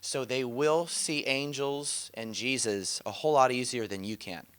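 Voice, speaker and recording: A man with a bright, forward voice teaches about inner healing in a relaxed, conversational way. He tells animated stories, quotes other people, and laughs often as he goes. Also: mid-range voice, a little slow, clean tone.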